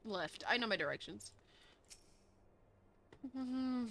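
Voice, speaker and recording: A woman's voice: mid-range voice, animated, normal speed, a bit bright. Irreverent, foul-mouthed young woman streamer. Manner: irreverent, swears freely, mock-reads game dialogue. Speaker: game streamer. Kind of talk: casual gameplay commentary.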